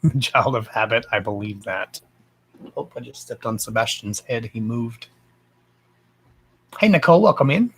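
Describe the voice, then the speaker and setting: A man's voice: fairly low pitch, steady tone, normal speed, fairly bright tone, breathy edge, rough recording. A man with a Texan accent hosting a casual live stream, chatting freely, greeting viewers with endearments and swearing offhandedly. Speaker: psychic live-stream host.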